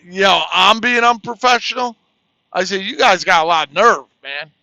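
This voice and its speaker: Bright high-voiced man telling a blunt story. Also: lively intonation, normal speed, creaky, no echo. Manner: blunt, profane, retells dialogue with "I said". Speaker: truck driver. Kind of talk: casual storytelling rant. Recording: dry, slightly dull lo-fi audio.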